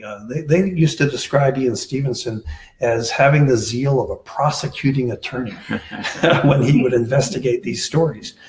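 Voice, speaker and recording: A man's voice: medium pitch, darkish tone. A man answering questions on a panel as a researcher, talking hesitantly with many filler sounds. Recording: echoey room.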